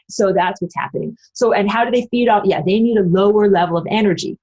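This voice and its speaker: Animated woman with a husky voice. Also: quick pace, hardly any pauses, poor audio. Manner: animated, acts out voices with big pitch jumps; blunt, swears casually. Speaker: spiritual channel host. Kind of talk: casual spiritual monologue with live chat.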